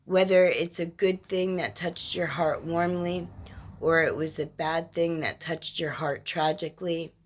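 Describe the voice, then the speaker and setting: A woman speaking as a spiritual mentor in an inspirational monologue, gentle and reassuring, with measured, drawn-out phrasing. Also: lowish voice, steady tone. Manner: slow, measured, drawn-out phrasing with lists of words.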